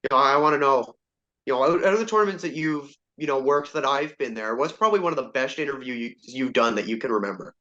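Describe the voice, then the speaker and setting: A man's voice: medium pitch, expressive, fast talker, bright, forceful tone. Chill guy hosting a podcast, kinda rambly, sound's a bit dull and muffled. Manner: laid-back, rambling, self-deprecating. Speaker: podcast host. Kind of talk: casual podcast chat.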